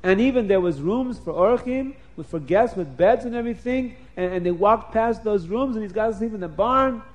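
A man telling a story to children, animated and stopping to explain words. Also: high-pitched, moderate pace.

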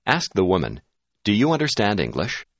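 A man giving scripted narration for a language course, prompting the listener in a clear, measured way. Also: lowish voice, huge pitch swings, no room sound. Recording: dull, dry studio audio.

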